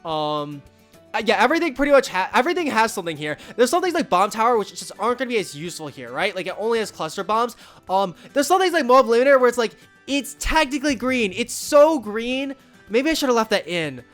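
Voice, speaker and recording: A man's voice: high voice, very animated, quick pace, a bit bright, soft background music. A young man giving casual gameplay commentary as a YouTuber, upbeat and rambling with many fillers and asides. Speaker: gaming YouTuber.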